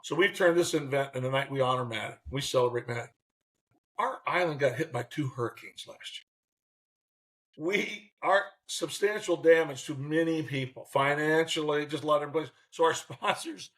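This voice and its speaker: A man in his sixties, a former baseball manager, telling lively stories as an interview guest and acting out what people said. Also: fairly high pitch, normal speed. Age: 60s. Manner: animated, acts out quotes in voices. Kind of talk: storytelling in a faith interview.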